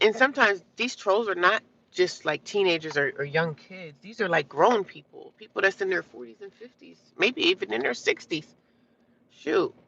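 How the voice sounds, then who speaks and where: A woman from New Jersey talks straight into her phone on a live stream, blunt and outspoken with her viewers. Her voice is bright and forward. The sound is a little muffled, with faint traffic in the background. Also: fairly low pitch, gravelly. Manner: blunt, ranting at trolls, then chatty with viewers. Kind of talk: casual live-stream talk.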